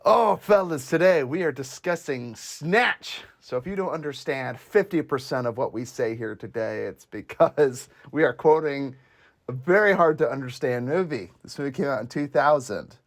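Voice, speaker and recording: A young man hosts a casual movie podcast among friends. He laughs often and quotes lines with a lively, swinging voice that rises and falls a lot. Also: medium pitch, normal speed. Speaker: podcast host. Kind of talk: casual chat.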